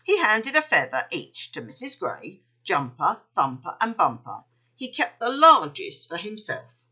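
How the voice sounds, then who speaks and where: Slow, bright-voiced woman reading a story. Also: mid-range voice, breathy edge, muffled recording. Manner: expressive, unhurried.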